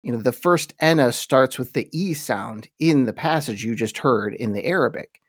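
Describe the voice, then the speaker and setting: A man hosting a podcast, giving an informal lecture on religious history and slowing down to read quotations with weight. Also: medium pitch, animated, slightly rough, no room sound, clean studio sound.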